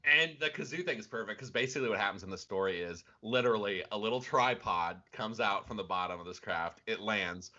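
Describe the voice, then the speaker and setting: A man's voice: fairly low pitch, a little fast, hardly any pauses, pushed and bright. A man co-hosting a podcast, casually retelling strange stories with laughs and restarts. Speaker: podcast co-host. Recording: dull lo-fi sound.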